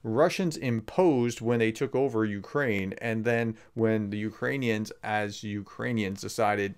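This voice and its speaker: A man's voice: on the low side, unhurried, clear, resonant tone. A man, a professor, giving casual video commentary on a clip, conversational with sarcastic, emphatic rises. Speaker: professor explaining war context.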